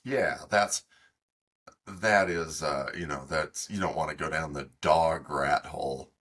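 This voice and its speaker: A middle-aged man co-hosting a podcast, telling a long, halting story in casual chat with many fillers. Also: a bass voice, fairly bright tone. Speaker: podcast co-host.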